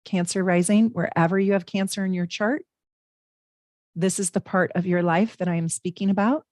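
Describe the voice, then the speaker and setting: A woman's voice: on the low side, steady tone, normal speed, no room sound, clean studio sound. A middle-aged woman hosting a casual live tarot and astrology reading from home, talking chattily to her viewers with plenty of fillers. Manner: chatty, warm asides to viewers, frequent fillers. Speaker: astrologer and tarot reader, livestream host.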